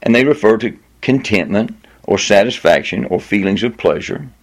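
A male pastor preaching a sermon, reading scripture aloud and leaning hard on key words, slowing down and lifting his voice for emphasis. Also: lowish voice, expressive, vocal fry. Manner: reads scripture aloud with stress on repeated words.

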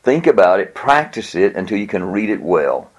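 Husky low-voiced man teaching preachers. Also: very animated, moderate pace. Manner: earnest, plain-spoken, chuckles now and then. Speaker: preaching instructor. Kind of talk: numbered teaching talk on preaching.

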